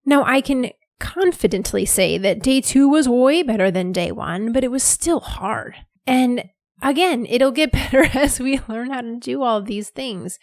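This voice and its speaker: A woman's voice: on the high side, lively intonation, measured pace, dry recording, clean studio sound. Candid, chatty woman podcast host. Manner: candid and chatty, many "like" fillers. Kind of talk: casual podcast monologue.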